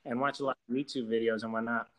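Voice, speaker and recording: A man's voice: mid-range voice, flat delivery, fast talker, fairly bright tone, poor audio. A man telling a long story in casual chat, rambling, with heavy swearing and many "like" fillers.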